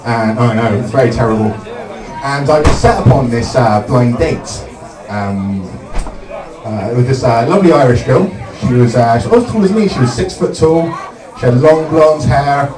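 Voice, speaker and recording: A young man from Somerset, doing a stand-up comedy set with deadpan one-liners and frequent "um" pauses. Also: medium pitch, music in the background. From Somerset, England. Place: comedy club stage. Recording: echoey club, distant mic, loud crowd.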